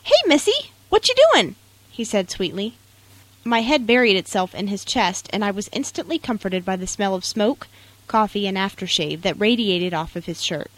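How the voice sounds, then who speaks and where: A woman's voice: medium pitch, moderate pace, no room sound, rough recording. Earnest young woman reading her story. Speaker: narrator. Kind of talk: reading a personal essay aloud.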